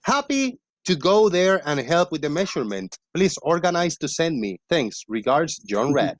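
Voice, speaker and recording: A man hosting a livestream, chatting casually and reading out donation shout-outs with thanks. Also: fairly high pitch, big pitch swings, normal speed, dry recording. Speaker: stream host.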